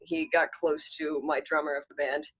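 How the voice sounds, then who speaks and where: A young woman talks as an interview guest. She keeps it relaxed and giggles between answers. Her delivery stays casual. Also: low voice, moderate pace, husky, low-quality recording. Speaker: guest singer-songwriter.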